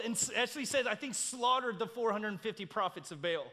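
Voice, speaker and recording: Guy preaching in a big church, really high sharp voice, goes from shouting to hushed, lots of hall echo. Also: animated, a little fast, few pauses. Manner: dramatic storytelling, swinging from loud cries to hushed. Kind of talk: sermon.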